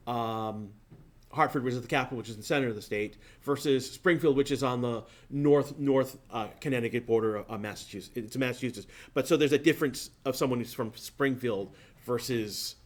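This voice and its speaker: A man from southern New England teaching a class, talking in a loose, rambling way that drifts off on tangents. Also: mid-range voice. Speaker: instructor. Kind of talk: classroom lecture.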